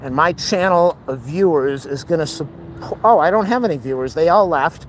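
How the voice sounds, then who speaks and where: A man talks between heavy breaths as he walks outdoors. He is out of breath and jokes about himself. Street noise runs clearly behind him. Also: fairly high pitch, animated, normal speed. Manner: breathless, self-mocking, playful asides. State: out of breath and sweating. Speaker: vlogger. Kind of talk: walking vlog, joking to camera.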